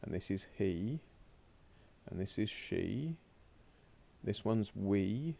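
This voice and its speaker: A man with a low, gravelly voice gives a recorded French lesson from his laptop. His tone is dark and mellow, and he chats to himself as he clicks through the slides. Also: expressive, slow. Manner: chatty, talks to himself while working through slides. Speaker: French teacher. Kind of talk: recorded remote lesson with screen commentary. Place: home or classroom desk at a laptop.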